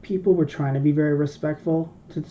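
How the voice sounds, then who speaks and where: A man's voice: on the high side, fairly even intonation, a little fast, slight background noise. A man co-hosting a podcast, telling a long, rambling, profane story in casual chat. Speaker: podcast co-host. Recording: dull lo-fi podcast audio.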